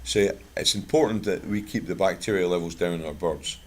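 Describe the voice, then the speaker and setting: Husky low-voiced Scottish man. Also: a little fast. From Scotland. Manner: chatty, anecdotal, plain-spoken. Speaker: guest speaker at a bird club. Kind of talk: informal talk with product pitch and anecdotes.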